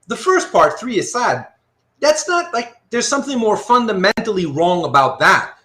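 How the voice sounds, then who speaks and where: A man teaching a live online philosophy class, working through examples out loud and often checking that his students follow. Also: high-pitched, normal speed. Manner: animated, thinks aloud with frequent rhetorical checks. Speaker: philosophy lecturer.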